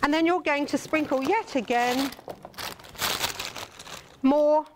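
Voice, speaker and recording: A woman's voice: high-pitched, slow pace, noisy background. An older English woman hosting a cooking demonstration, chatting theatrically and teasing her viewers as darling. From England. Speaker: cooking show host.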